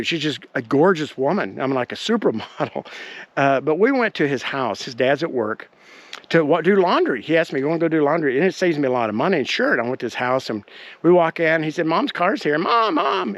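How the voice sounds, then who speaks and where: A man hosting his own show, telling a personal story in an animated, indignant way with many fillers, recorded on a handheld camera. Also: fairly high pitch. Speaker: podcast host.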